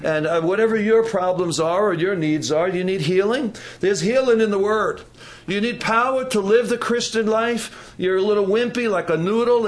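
A man preaching a sermon at a church service, repeating phrases and asking the congregation questions. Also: high-pitched. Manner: repetitive, call-and-response preaching with audience questions.

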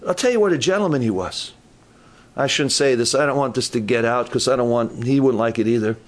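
A man's voice: mid-range voice, a little fast. An older man preaching a sermon at a church camp, folksy and joking, often restarting his phrases. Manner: folksy, humorous asides with frequent restarts. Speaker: pastor.

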